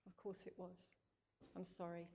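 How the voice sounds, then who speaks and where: A woman reading a storybook, voicing a tired, apologetic young mother who speaks softly. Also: fairly low pitch, completely flat delivery, measured pace, creaky, breathy edge, exaggerated voice. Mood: weary.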